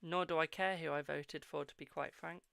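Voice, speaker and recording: Gravelly British man reading tarot. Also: a little high, fairly even intonation, moderate pace, a bit bright. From United Kingdom. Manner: affectionate, repeats phrases, calls viewers "my darling" and "boo". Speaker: tarot reader, live-stream host. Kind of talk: live-stream tarot reading, casual chat.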